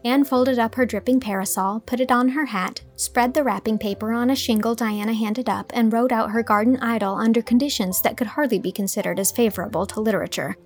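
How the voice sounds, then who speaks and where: A woman narrating a classic storybook with a gentle, even reading manner. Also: a little high, fairly quick, hardly any pauses, soft background music. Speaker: audiobook reader.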